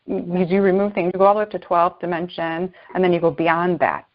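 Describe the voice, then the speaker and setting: A woman channeler giving spiritual guidance and pausing to search for words. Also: lowish voice, fairly even intonation, highs cut off. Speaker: channeler, guest.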